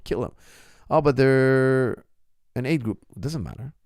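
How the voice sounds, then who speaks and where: Middle-aged man, martial arts coach, solo Q&A talk, gravelly fry in the voice, dry close sound, emphatic and repetitive. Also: mid-range voice, animated, a little slow, darkish tone, no room sound. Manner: impassioned, emphatic repetition of phrases. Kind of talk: casual solo talk answering viewer questions.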